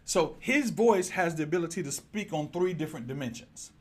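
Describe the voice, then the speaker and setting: Lively preaching man, slightly high voice. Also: fairly quick. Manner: lively preaching, direct address to congregation. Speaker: pastor. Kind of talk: sermon. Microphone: handheld microphone.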